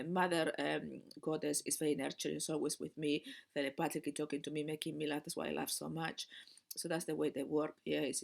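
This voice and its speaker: A woman and spiritual teacher telling a personal story in a casual monologue, animated, laughing often and repeating words. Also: deep voice, creaky.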